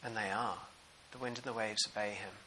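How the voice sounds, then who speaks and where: A New man preaching a sermon in an animated, conversational way and putting questions to the congregation. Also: lowish voice, a little fast, a little hiss or hum, low-quality recording.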